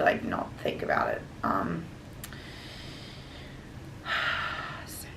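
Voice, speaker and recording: A woman's voice: on the low side, a bit bright. A woman in her thirties, chatting casually to camera in a rambling way, full of "like" and "um". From Australia. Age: 30s. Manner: chatty and rambling, many fillers such as like and um. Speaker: vlogger. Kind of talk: casual vlog chat to camera. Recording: echoey room, faint background noise.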